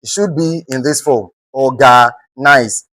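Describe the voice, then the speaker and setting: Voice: medium pitch, animated, fairly bright tone, dry recording, low-quality recording. Teacher with a Nigerian accent, quizzing. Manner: keeps asking the class "what?" and then answering it; spells words out letter by letter and repeats them slowly. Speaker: English teacher. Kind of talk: exam-prep lesson.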